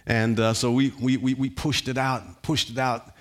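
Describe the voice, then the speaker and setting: A man preaching a sermon as pastor in a church, building to shouts, repeating words and calling on the congregation to respond. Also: mid-range voice, level tone, moderate pace. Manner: repeats words, sings some lines. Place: church hall.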